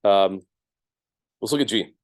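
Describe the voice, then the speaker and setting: A man's voice: lowish voice, a little slow, dry recording. A man teaching a math class, explaining each step casually with lots of ums and checks of "right?". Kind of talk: classroom lecture.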